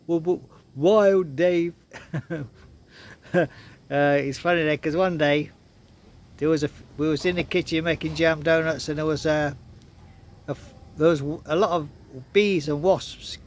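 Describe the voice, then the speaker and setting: A man's voice: fairly high pitch, slight background noise. An older man vlogging casual, rambling stories to camera, chuckling often between lines.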